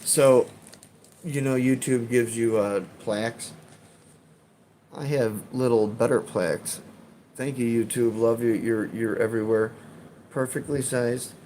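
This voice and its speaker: A man's voice: medium pitch, steady tone, unhurried, long pauses, mellow, slight background noise. A man with a Chicago accent, chatting casually on a live stream and reading comments in a rambling, profane way with frequent laughs. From Chicago, USA.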